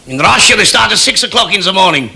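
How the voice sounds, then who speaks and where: A comedian voicing a curt, boastful Soviet official who speaks in clipped, broken English, pitched above his usual voice. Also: very animated, fast talker, vocal fry, bright, forceful tone, full character voice.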